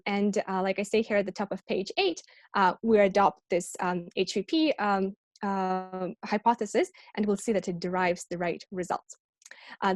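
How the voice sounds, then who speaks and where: A woman delivers an academic colloquium talk, explaining each point patiently and often pausing on ums and restarting words. Her voice sits at a mid pitch. The recording is dry and close, as on a video call. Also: a little mellow, no echo. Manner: explanatory, with frequent ums and self-corrections. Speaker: academic lecturer.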